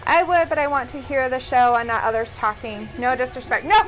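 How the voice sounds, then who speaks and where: A woman's voice: high-pitched, a little fast, rough recording. A woman co-hosting a casual live stream, chatty and giggly, reading out viewer comments between laughs. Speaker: co-host.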